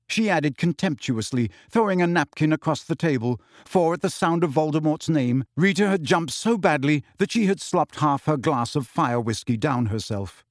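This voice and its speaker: A man narrating a novel in an even storytelling voice, pitched a little higher than most men. The sound is close and dry, with no room around it. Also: moderate pace, hardly any pauses, no room sound. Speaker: audiobook reader. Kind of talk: scripted narration.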